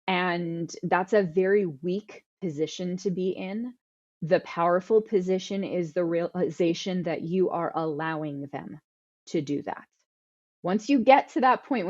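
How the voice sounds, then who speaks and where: A woman's voice: lowish voice, darkish tone. Earnest woman on a dull line. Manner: earnest, self-correcting with repeated words and fillers. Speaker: guest author. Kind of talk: conversational interview answers.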